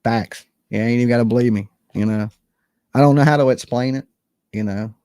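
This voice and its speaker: Brisk and medium-pitched with a dark tone, this true crime host talks casually on a livestream, profane and blunt as he reads out chat comments. The studio recording is clean, with no room sound.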